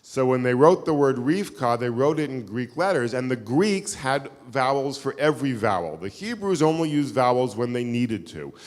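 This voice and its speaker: A man's voice: medium pitch, expressive, moderate pace, hardly any pauses. Male lecturer, chatty self-deprecating storyteller, live in a reverberant hall. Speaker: keynote lecturer. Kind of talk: live lecture with audience questions. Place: synagogue hall.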